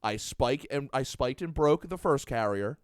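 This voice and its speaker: A man's voice: mid-range voice, animated, measured pace, clean tone, no room sound, clean studio sound. A young man co-hosting a podcast who tells stories with animation and acts out the lines he quotes. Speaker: podcast co-host. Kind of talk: casual comedic chat.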